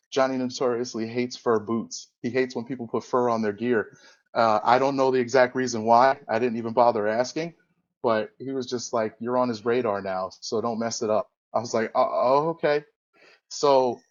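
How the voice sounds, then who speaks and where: A man's voice: medium pitch, lo-fi sound. A man guest on a podcast, casually telling a long anecdote, correcting himself and acting out the quoted voices. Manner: rambling, self-correcting, acts out quoted dialogue. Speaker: podcast guest, former wrestler. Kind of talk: casual storytelling interview.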